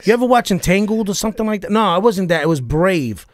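A middle-aged man, a comedian guest, telling stories in a profane, animated, punchy way. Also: sits high, fast talker, no echo, studio quality. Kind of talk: casual storytelling chat.

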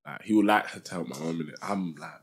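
Low-voiced young man, laid-back. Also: quick pace, gravelly, a little hiss or hum. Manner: laid-back, sprinkles "innit" constantly. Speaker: podcast co-host. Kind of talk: casual chat, storytelling.

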